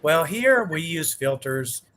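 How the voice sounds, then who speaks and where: Man, stream guest, bright tense voice, slightly high, animated storyteller, video call. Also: slow pace, a little hiss or hum. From United States. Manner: animated storytelling, acts out quoted dialogue, mild swearing. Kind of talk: casual chat.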